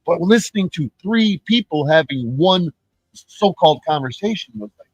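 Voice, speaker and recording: A man's voice: on the high side, animated, normal speed, husky, dry recording, poor audio. A man ranting on his live stream, profane and rambling, who often restarts his words.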